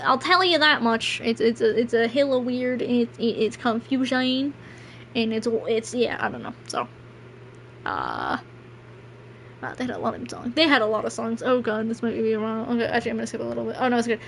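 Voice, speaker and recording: Woman streamer, higher voice, rambling and self-deprecating over a game, faint room noise. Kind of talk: casual gameplay stream chat.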